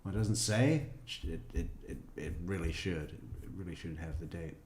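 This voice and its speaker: Deep-voiced wry true crime commentator. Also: male voice, normal speed, a little mellow, echoey room. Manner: wry sarcastic asides. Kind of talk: reading news aloud with commentary.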